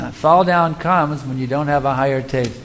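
A man's voice: medium pitch, normal speed, a little hiss or hum, low-quality recording. A man who is a spiritual teacher, answering audience questions in a devotional lecture. He speaks rhetorically and emphatically, often asking his listeners questions.

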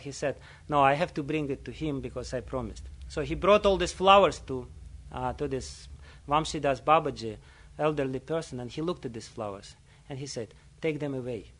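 A man giving a sermon, telling a story in an earnest way with frequent soft laughs and hesitant pauses. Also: a little high. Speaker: religious teacher.

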